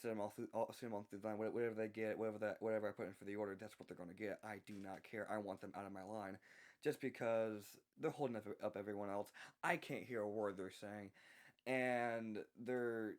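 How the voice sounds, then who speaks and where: A young man from the American South telling an unscripted work story, speaking softly with many halting restarts. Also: lowish voice, steady tone.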